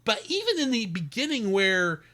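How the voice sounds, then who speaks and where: A man's voice: high-pitched, sing-song, moderate pace, bright, forceful tone. A man co-hosting a podcast, chatting casually and eagerly about a film review, sometimes running over his partner's lines. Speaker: podcast co-host. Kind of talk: casual movie review chat.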